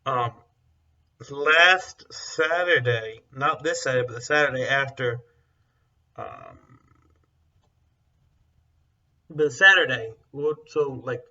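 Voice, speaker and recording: A young man co-hosts a casual chat, speaking bluntly and rambling with lots of filler words. His medium-pitched voice sounds pushed and bright as he takes it slowly, and the mic sound is dull and distant.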